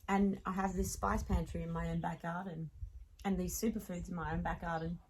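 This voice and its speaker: A woman with an Australian accent, a podcast guest telling stories in casual chat, animated, laughing often and restarting sentences. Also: lowish voice, brisk, slight background noise, low-quality recording.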